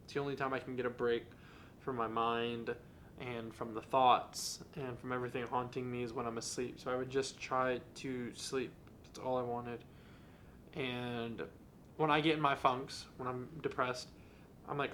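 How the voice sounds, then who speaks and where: A man's voice: mid-range voice, flat delivery, normal speed, a bit bright, a little hiss or hum. A young adult man hosting a podcast, talking in an earnest, candid and confessional way in a casual monologue. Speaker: podcast host.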